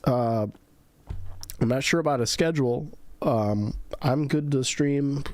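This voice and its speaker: A man hosting a casual podcast livestream, telling stories and doing high-pitched voices for the people he quotes. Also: slow pace, darkish tone, no room sound. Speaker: podcast host.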